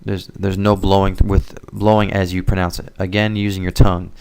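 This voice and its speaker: A man teaching Spanish in a relaxed, casual lesson, explaining sounds and slowly modeling words for the listener to repeat. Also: sits low, slight background noise. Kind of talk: casual spoken language lesson.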